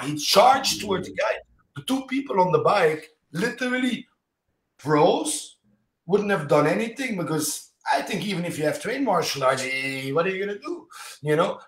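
Animated man telling stories in a roomy space. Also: on the high side. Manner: animated, anecdotal, talks in quick fragments with many "you know"s. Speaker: martial arts instructor, podcast guest. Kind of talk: casual interview storytelling. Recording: roomy echo.

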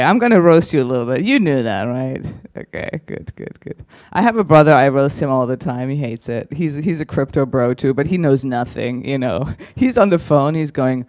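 A man's voice: medium pitch, lively intonation, moderate pace, few pauses, darkish tone, no echo, clean studio sound. A man doing stand-up on a conference stage, teasing the audience with crude, chatty crowd work. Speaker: stand-up comedian.

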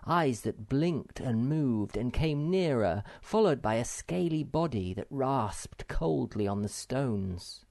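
A man narrating an unabridged children's audiobook in an expressive storytelling manner. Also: mid-range voice, no room sound. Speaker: audiobook reader.

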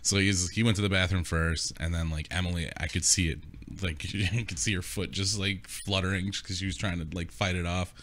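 A man's voice: deep voice, fairly even intonation, a little fast, a bit bright. A young man co-hosting a podcast, telling rambling stories with frequent laughter and casual swearing. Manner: rambling storyteller who laughs often and swears freely. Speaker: podcast co-host. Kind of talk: casual chat.

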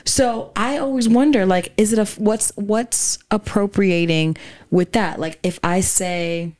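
A woman's voice: mid-range voice, measured pace, darkish tone, no room sound, studio quality. A young woman co-hosting a casual podcast, chatty and hesitant, full of fillers and restarts. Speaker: podcast co-host. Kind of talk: casual chat.

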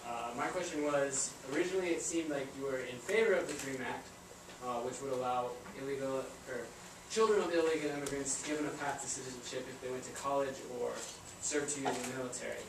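A man's voice: medium pitch, fast, few pauses. A young male student asks a question from the floor, his careful words swimming in heavy echo. He sounds far from the mic, with noise behind him. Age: young adult. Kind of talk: audience question. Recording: very echoey, distant, noisy room.

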